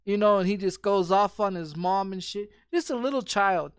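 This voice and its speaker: While streaming a game, a man with a high-sitting, clean voice rants at a moderate pace, cursing nonstop and rambling through heavy restarts and repeats. The audio is clean studio sound with no echo.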